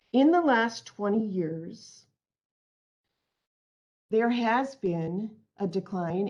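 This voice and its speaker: A woman's voice: mid-range voice, darkish tone, dull audio. A woman presenting an online training webinar, reading out audience answers and then explaining her points earnestly, on a computer mic.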